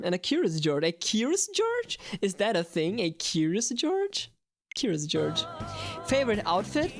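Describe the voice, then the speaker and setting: A woman, a game streamer chatting playfully with viewers and repeating herself in excitement. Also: fairly low pitch. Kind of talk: live-stream chat answering viewers.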